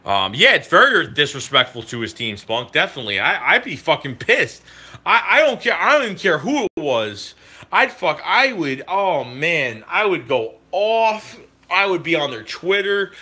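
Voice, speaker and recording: A man talks live to his stream chat in a heated, swear-filled rant. His voice is sharp, forceful and tense. His pitch sits in an ordinary middle range. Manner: profane, heated, ranting.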